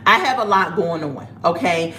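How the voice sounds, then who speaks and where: A woman chatting casually on a livestream as she sells jewelry, telling her stories in an animated way. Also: fairly low pitch, moderate pace. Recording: roomy echo, faint background noise.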